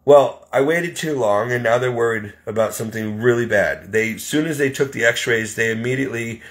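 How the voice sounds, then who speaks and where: A man's voice: medium pitch, fairly quick. A man in his forties talking in a casual vlog, tearful and crying, rambling and exasperated. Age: 40s.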